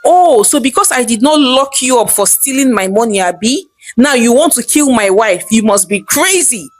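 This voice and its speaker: A woman acts out a wealthy, hot-tempered Nigerian man. He accuses loudly, with the pitch pushed up. The storybook reading sounds dry and near. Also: sing-song, moderate pace, dry recording. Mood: angry. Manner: loud and accusing. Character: wealthy man, quick to anger.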